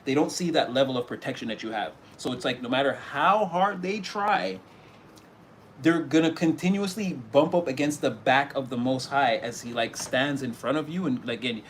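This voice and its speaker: A man's voice: on the high side, moderate pace, slight background noise. A man giving a casual tarot reading, talking animatedly and acting out little scenes, often breaking into laughter. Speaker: tarot reader.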